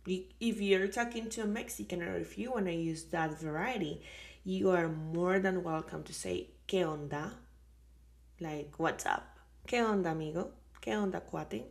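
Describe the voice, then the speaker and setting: A woman from Colombia with a Colombian Caribbean Spanish accent, giving a casual chatty language lesson and repeating example phrases. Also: mid-range voice. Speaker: Spanish teacher.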